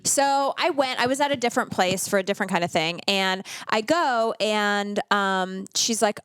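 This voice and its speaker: A woman co-hosting a podcast, chatting casually in a quick, blunt, breezy way. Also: medium pitch, fairly bright tone, clear, resonant tone, no room sound. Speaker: podcast co-host. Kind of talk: casual chat.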